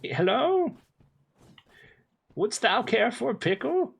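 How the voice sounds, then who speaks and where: A man's voice: very high voice, sing-song, slow pace, creaky, breathy edge, pitched above the performer's own voice, full character voice. A man voicing a young medieval peasant boy who pleads in a silly, old-fashioned way. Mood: mock-courtly. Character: young male medieval peasant begging for pickles.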